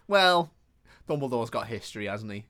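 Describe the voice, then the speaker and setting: A man's voice: mid-range voice, lively intonation, moderate pace, sharp tone. A man co-hosting a podcast, bantering casually and swearing as he laughs along. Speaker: podcast co-host. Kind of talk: casual film-review chat.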